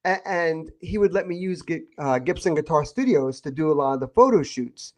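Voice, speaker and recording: A man's voice: on the high side, lively intonation, normal speed, darkish tone. A man who is a podcast guest, telling a rambling story with many restarts and quoted asides. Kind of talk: casual anecdote telling.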